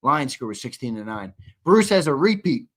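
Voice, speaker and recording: A man's voice: mid-range voice, big pitch swings, normal speed, fairly bright tone. A man hosting a live sports talk show, chatting casually and reading viewer comments aloud.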